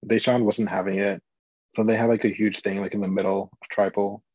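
A man with a low, husky voice co-hosts a casual podcast. He sounds easygoing and asks quick checking questions. The recording is dry and dull. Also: level tone, darkish tone, no room sound. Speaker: podcast co-host. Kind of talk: casual recap chat.

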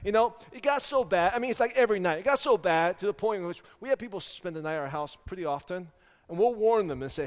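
A lively man in his thirties preaching with plenty of humor and animated storytelling. His voice sits somewhat high for a man. Long hall reverb trails behind every phrase in the church. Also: quick pace. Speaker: pastor. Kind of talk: sermon with personal stories. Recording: echoey hall.

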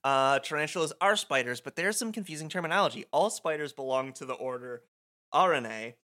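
A man's voice: fairly high pitch, expressive, brisk, sharp tone. A man co-hosting a podcast, chatting enthusiastically about a video game with casual swearing and tangents. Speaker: podcast co-host.

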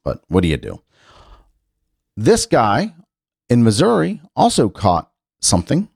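A man's voice: mid-range voice, wildly swooping pitch, a little slow, creaky, darkish tone, breathy edge, no echo, studio quality. A middle-aged man hosting a casual chat show, musing aloud and rambling with frequent restarts as he reads out news items. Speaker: talk show host. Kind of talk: casual radio-style chat.

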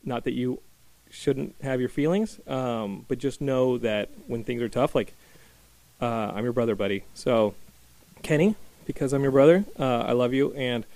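A man hosting a casual podcast chat in a small studio, energetic and rambling with many fillers. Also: mid-range voice, normal speed, dry recording. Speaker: podcast host. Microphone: studio microphone.

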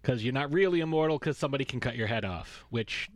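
A man's voice: medium pitch, animated, fast, no echo, studio quality. A man co-hosting a podcast in casual chat, rambling and sarcastic, swearing freely as he recaps a film series. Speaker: podcast co-host.

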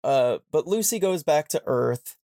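A young man hosting a podcast, casually retelling a story and slipping into quick character voices. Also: a little high, expressive, mellow, no room sound, studio quality. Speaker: podcast host.

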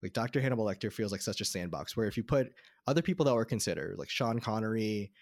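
A man's voice: lowish voice, expressive, quick pace, a little mellow, no room sound. A man co-hosting a podcast, talking casually about a film with lots of fillers and restarts. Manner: rambling, many fillers and restarts. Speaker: podcast co-host.

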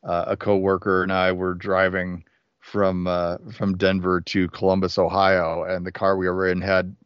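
A man's voice: sits low, completely flat delivery, moderate pace, clear, resonant tone, no echo. A man appearing as a guest on a film podcast, chatting in an easygoing way and laughing often. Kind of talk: casual film discussion. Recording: dry, dull lo-fi podcast audio.

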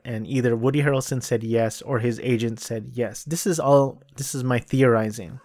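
A man talks through his opinions on films and stage shows in an unscripted solo review, blunt and openly exasperated, hammering points by repeating them. His voice sits at an ordinary middle pitch. The recording is dry and close, with no room sound. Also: fairly even intonation, normal speed, hardly any pauses, darkish tone, no room sound. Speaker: podcast host reviewing movies and plays. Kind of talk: casual solo review talk.

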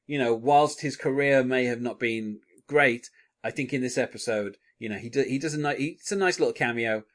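Brief: a man of middling pitch, hosting a casual podcast; enthusiastic, laughs often. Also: fairly quick, fairly bright tone. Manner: enthusiastic, chuckles often, many fillers. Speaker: podcast host. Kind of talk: casual TV episode discussion.

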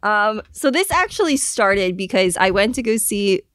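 A woman's voice: medium pitch, expressive, moderate pace, fairly bright tone, dry recording, clean studio sound. A woman co-hosting a podcast in casual chat, rambling with lots of ums and restarts. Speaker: podcast co-host.

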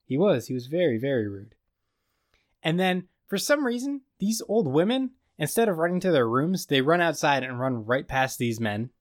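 A man's voice: a little high, sing-song, moderate pace, no echo. Podcast co-host, man, raised voice, dry close sound, loose storyteller. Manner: rambling storyteller, acting out scenes. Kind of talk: casual comedic recap.

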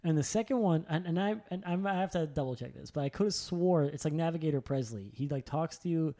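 Young man, casual chat, rambling, excitable, filler-heavy. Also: a little high, fast talker. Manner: rambling, excitable, swears freely, lots of "like" fillers.

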